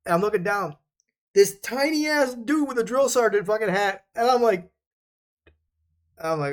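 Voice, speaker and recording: A young male vlogger tells rambling, casual stories from basic training, swearing plenty and laughing often. His voice is high-pitched and animated, moving at a normal speed with long pauses.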